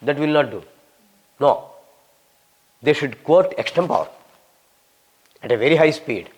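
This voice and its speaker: Fast-talking older man, Telugu accent. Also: fairly high pitch, animated, slightly rough. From Telugu-speaking South India. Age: 60s. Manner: fast-talking, humorous, emphatic. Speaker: visiting scholar answering questions. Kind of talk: lecture-style Q&A.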